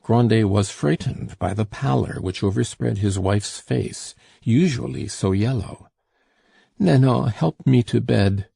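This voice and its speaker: A man narrating a classic novel as an audiobook in a measured storytelling manner. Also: fairly low pitch, creaky, dark tone, breathy edge, no echo, studio quality. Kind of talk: scripted narration.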